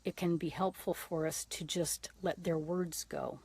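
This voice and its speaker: A woman in her late fifties chats to her livestream viewers in a husky, slightly breathy voice. Her voice sits on the low side. She talks frankly, swearing freely and addressing viewers directly. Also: fairly even intonation, unhurried, a little mellow, no room sound. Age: 50s. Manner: frank and profane, talking straight to viewers. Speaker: livestream host. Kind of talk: casual livestream chat.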